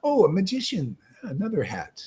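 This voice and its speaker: A man with a husky, slightly breathy voice leads a meditation talk, swinging his pitch widely as he jokes. He rambles casually and often breaks into laughter at his own lines. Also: huge pitch swings, normal speed, darkish tone. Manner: loose, joking and rambling, with frequent "man" and "you know". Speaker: spiritual teacher leading a meditation session. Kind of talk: casual spiritual talk on a livestream.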